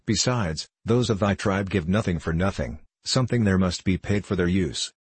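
A man's voice: low voice, slightly rough, no echo. A man reading as a stern pilgrim knight. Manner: stern, measured, solemn. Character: stern male pilgrim knight in disguise, proud. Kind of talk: audiobook character voice.

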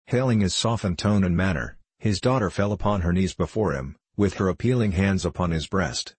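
Husky male audiobook narrator, measured and solemn, dry close read. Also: low voice, darkish tone, no echo. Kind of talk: scripted narration.

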